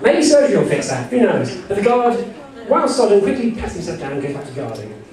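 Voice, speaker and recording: A man's voice: sits high, huge pitch swings, fast. A man running a live text-adventure game for a convention audience, rambling and joking with lots of "you know" asides. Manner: jokey and rambling, full of "you know" asides, laughing often. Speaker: game master. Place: convention panel room with an audience. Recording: echoey hall, far from the mic, crowd noise.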